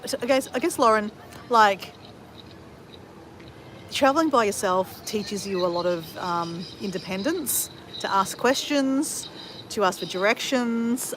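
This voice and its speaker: A woman of fifty talks loosely to her livestream viewers, rambling from one travel story to the next and swearing freely. Her voice sits in a middling pitch. A faint hiss of noise runs underneath. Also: fairly bright tone. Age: 50s. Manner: chatty, rambling, with frequent swearing and fillers. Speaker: travel vlogger. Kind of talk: casual livestream chat answering viewers.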